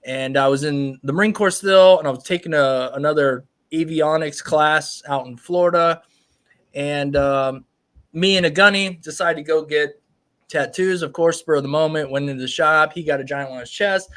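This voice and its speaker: A fairly high-voiced man in his thirties hosts a casual live stream. He rambles in an upbeat way and talks straight to his viewers. He sounds like a tattoo artist chatting off the cuff. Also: normal speed, a bit bright.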